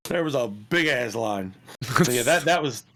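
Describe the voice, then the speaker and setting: A man co-hosting a podcast who tells stories in a casual, animated way, swearing and laughing as he goes. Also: mid-range voice, normal speed. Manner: animated, profane, laughs through his stories. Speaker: podcast co-host. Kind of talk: casual storytelling chat.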